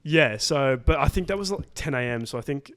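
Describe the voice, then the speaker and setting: A man's voice: a little high, lively intonation, fairly quick, a bit bright, no room sound. A young Australian man co-hosting a podcast, telling a story in a rambling, casual way, swearing freely and filling gaps with "like" and "um". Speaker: podcast co-host.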